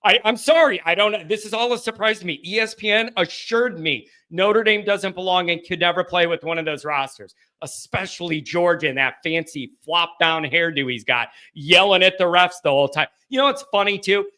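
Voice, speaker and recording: Bright, excitable man hosting a call-in stream. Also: high voice, moderate pace, few pauses. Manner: excitable, loose, chatty, with fillers and restarts. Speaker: host of a live postgame call-in show. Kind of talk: casual live-stream chat.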